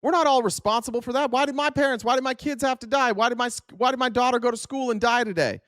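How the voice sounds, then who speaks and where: A man's voice: very high voice, fast talker, fairly bright tone, no echo, clean studio sound, voice pushed up. A man voicing a grieving, furious male civilian, anguished and cursing.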